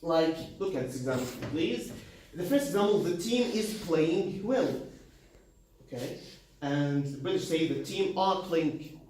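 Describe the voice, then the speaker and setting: A man gives a classroom presentation in slow, halting speech full of fillers and restarts, his grammar non-native. His voice sits a little high. He is recorded from across a very echoey room, with faint noise behind. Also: lively intonation, a little mellow, far from the mic. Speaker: student presenter. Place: university classroom.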